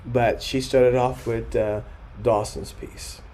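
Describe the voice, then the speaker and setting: A man's voice: medium pitch, level tone, slow, warm tone, slight background noise. An older man, a choral conductor, telling stories from his life in a reflective way, often restarting his sentences and acting out the people he quotes. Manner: reflective, frequent restarts, acts out quoted voices. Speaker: choral conductor speaking at a forum. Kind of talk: anecdotal storytelling talk.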